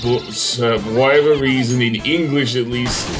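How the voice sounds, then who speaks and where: A man's voice: medium pitch, fairly even intonation, normal speed, over music. Rambling man narrating gameplay. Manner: rambling, many fillers and self-corrections. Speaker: let's play host. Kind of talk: casual gameplay commentary.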